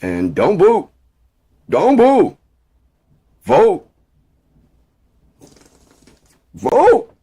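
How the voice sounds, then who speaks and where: A man doing a mocking impression of a grandstanding male politician, with sing-song speechifying that rises into shouts. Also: medium pitch, huge pitch swings, takes it slowly, vocal fry, voice pushed up, heavily acted. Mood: rallying.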